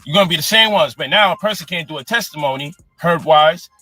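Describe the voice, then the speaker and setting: A man's voice: fairly high pitch, fast talker, sharp tone, no room sound, soft background music. A man in a heated, profane live-stream rant, angry and exasperated. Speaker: online personality defending his program.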